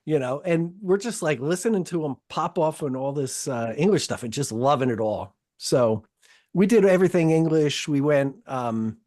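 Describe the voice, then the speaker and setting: Man, podcast host, casual chat, rambling, profane, halting restarts. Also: a little high, darkish tone. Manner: rambling, profane, self-interrupting storyteller.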